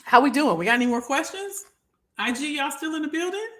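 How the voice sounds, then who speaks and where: A woman's voice: high-pitched, lively intonation, fairly quick, a bit bright. A middle-aged woman, hosting a live stream as a career coach and talking to viewers in a folksy, heartfelt way. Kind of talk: emotional livestream chat with viewers.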